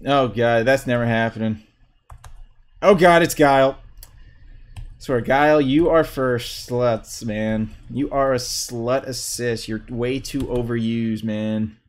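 A young man livestreaming a fighting game, commenting excitedly, trash-talking opponents and whooping at big hits, with keyboard clicks behind him. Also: medium pitch, measured pace, few pauses. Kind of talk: live gameplay commentary.

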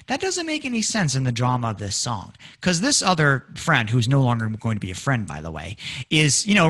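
Animated man lecturing on music. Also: a little high. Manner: animated, acts out lyrics in dramatic voices. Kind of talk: public lecture. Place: community presentation room.

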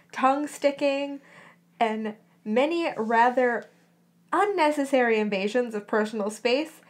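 A woman hosting a podcast, reading a story aloud expressively and chatting casually between passages. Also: high-pitched. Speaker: podcast host reading fan fiction aloud.

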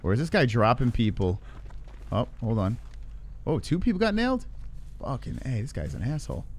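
In a room at home with his gaming computer, a man streams a horror game and narrates it live in a sing-song, mid-range voice at normal speed. There's a little hiss or hum, and his commentary is heavy on cursing, easy scares, and jokes at his own expense.

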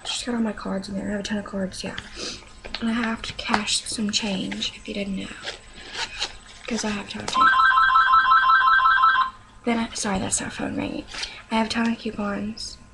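Quiet-spoken young woman on a hissy webcam. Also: medium pitch, little pitch movement, gravelly. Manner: talks slow and quiet, rambling. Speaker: beauty vlogger. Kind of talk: casual show-and-tell vlog. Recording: noisy webcam recording.

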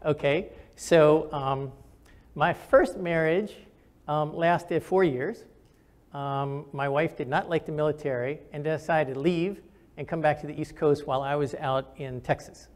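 A man's voice: a little high, a little slow. An older man, a retired general and physician, answering audience questions with candid stories and frequent fillers.

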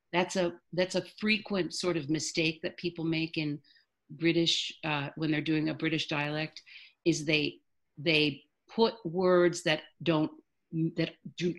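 A woman dialect coach teaching a workshop, demonstrating sounds slowly and deliberately by example. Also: sits low, a bit bright.

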